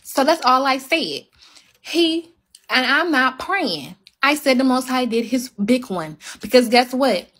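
A woman with a fairly high voice, speaking heatedly to her viewers on a phone livestream. She is emphatic and drives each point home by repeating it. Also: expressive, measured pace, a bit bright.

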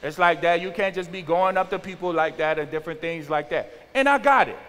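A man in his forties, a youth pastor giving an animated sermon and acting out teenagers' talk. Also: fairly high pitch, brisk, smooth. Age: 40s. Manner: animated, acts out teen slang with exaggerated voices. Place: church sanctuary. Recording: large hall with long reverb.

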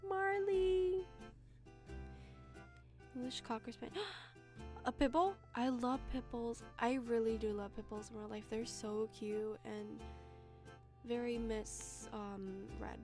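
This is a young woman's high, bright voice, unhurried and relaxed as she chats through a life-sim game. She giggles often and keeps turning to talk to her viewers. Soft music plays underneath her voice. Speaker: gaming video creator. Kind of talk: casual gameplay commentary.

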